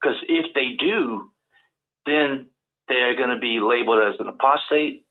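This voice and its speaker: A man with a Cajun Southern accent, a guest on a call-in show, talking in halting bursts full of repeated words. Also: medium pitch. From Louisiana, US South. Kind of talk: casual call-in talk. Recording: tinny phone-line audio.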